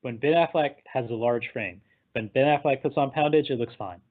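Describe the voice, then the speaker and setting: A man recapping a film in casual chat, animated and laughing, sometimes acting out the characters. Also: mid-range voice, brisk. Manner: animated, acts out characters in quotes, laughs often. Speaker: podcast co-host. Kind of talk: casual movie discussion. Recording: tinny phone-like line.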